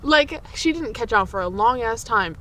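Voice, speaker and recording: A young woman co-hosting a podcast, telling childhood stories in casual chat, swearing freely and jumping up in pitch when she quotes people. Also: animated, moderate pace, a bit bright. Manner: swearing, laughing, jumps high for quoted voices. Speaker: podcast co-host.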